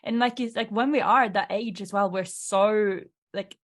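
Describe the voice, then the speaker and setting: Sohbet eden kadın podcast sunucusu. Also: female voice, mid-range voice, steady tone, normal speed. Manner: chatty, filler-heavy, reacts with short interjections. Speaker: podcast host. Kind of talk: casual interview chat.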